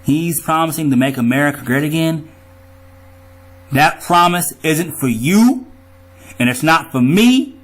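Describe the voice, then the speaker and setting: A man's voice: a little high, expressive, unhurried, pauses often. A man in an angry monologue to his viewers, riled up, profane and ranting. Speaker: vlogger.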